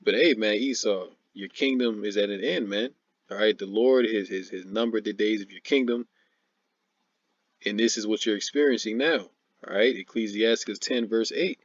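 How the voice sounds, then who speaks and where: Mocking, laughing man with a low voice. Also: moderate pace, dry recording, muffled recording. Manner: mocking, laughs often, repeats "man" and "all right"; reads scripture aloud. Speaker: religious commentator. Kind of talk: informal preaching commentary.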